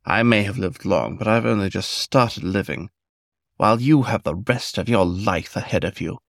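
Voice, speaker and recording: An older male lover speaks low and gentle, with a gravelly texture on a dry, close recording, as a man puts him on. He is tender and protective, soothing his companion in a storybook reading. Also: normal speed, no room sound.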